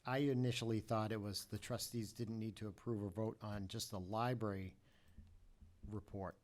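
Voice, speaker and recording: Low-voiced man chairing a meeting. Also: fairly even intonation, a little mellow. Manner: measured, halting with many fillers. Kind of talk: formal public meeting.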